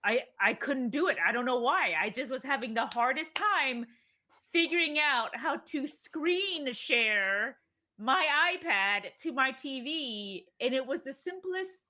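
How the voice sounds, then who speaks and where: Bright, high-voiced woman. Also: expressive, measured pace. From Texas. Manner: chatty, laughing easily. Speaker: co-host. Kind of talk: casual chat with live viewers.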